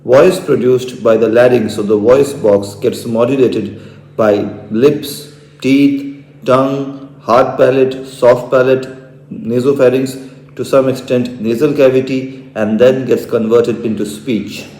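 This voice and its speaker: A man giving a medical lecture as an ENT doctor, explaining clearly and asking rhetorical questions. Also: medium pitch, dark tone. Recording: echoey room, mic far off.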